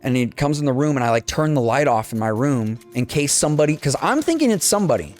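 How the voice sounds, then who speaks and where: A man's voice: mid-range voice, quick pace, soft background music. A young man casually telling a childhood story on a podcast, swearing freely and acting out the dialogue. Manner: swears freely, animated retelling with quoted dialogue. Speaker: podcast co-host.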